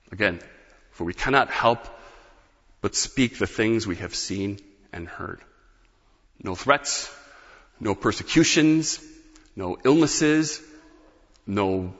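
A man's voice: lowish voice, a bit bright, big-room sound, muffled recording. A man preaching a sermon in an earnest, emphatic way, leaning hard on key words. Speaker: pastor.

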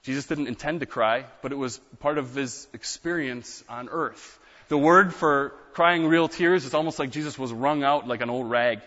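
A man's voice: medium pitch, normal speed, hardly any pauses, fairly bright tone. Man, pastor, sermon, earnest, emphatic, long hall echo, dull lo-fi sound.

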